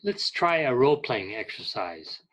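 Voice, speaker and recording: A man's voice: medium pitch, big pitch swings, a bit bright, poor audio. A man teaching an English class, reading direction and clarification phrases aloud patiently. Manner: reads example phrases aloud, patient and deliberate. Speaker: ESL teacher. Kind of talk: slow classroom instruction.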